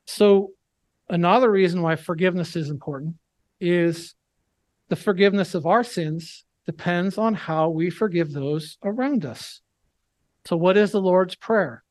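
High-voiced man preaching a sermon. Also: no echo. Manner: earnest, emphatic preaching with slow scripture reading.

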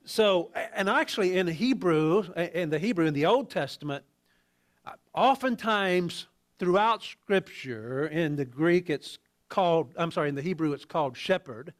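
A man preaching a sermon in a conversational, halting way, with many restarts and quiet asides. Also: a little high, animated. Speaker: pastor.

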